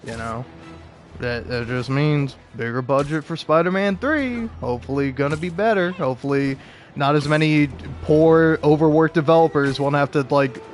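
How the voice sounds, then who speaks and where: A young man rambles through casual game talk, his voice sitting a little higher than most. He laughs often and strings thoughts together with fillers, with soft music faint underneath. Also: normal speed. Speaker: video game commentator.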